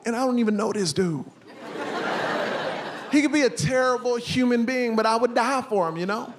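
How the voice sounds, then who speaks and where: A man in his forties performing a stand-up comedy set, telling stories with loud, animated punchlines. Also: extremely high pitch, moderate pace. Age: 40s. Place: stage before a live audience. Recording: live stand-up recording with audience noise.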